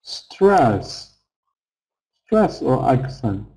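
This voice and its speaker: Slow, patient male teacher. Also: medium pitch, big pitch swings, warm tone, rough recording. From England. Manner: slow, patient, repeats key phrases. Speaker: English teacher. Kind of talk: online lesson.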